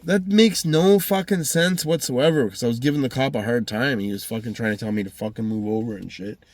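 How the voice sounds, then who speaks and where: A man's voice: medium pitch, brisk, darkish tone, no echo. Profane, heated man ranting. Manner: profane, heated, rambling retelling. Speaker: vlogger telling a personal story. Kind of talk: casual storytelling monologue.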